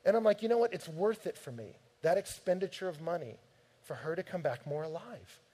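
A man preaching a sermon, telling stories from his home life in an animated, direct way. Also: fairly high pitch, brisk, slightly rough. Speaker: pastor.

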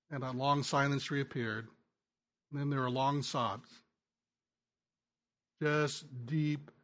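A male pastor preaching a sermon in a conversational, storytelling way, often restarting his words and going soft and quiet in tender moments. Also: a little high. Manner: frequent restarts and stammers. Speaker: pastor and ministry teacher.

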